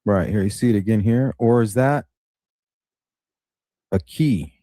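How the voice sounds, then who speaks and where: Low, mellow man thinking aloud. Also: unhurried, dry recording, studio quality. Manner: musing, tentative, thinking aloud. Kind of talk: casual analytical chat.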